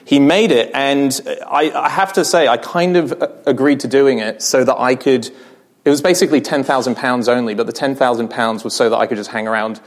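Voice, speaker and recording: A man chatting on stage at a live podcast recording and spinning long anecdotes. He talks with animated energy, slips into voices for the people he quotes, and laughs along as he goes. His voice sits at an ordinary middle pitch. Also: brisk. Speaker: podcast guest. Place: live venue with audience.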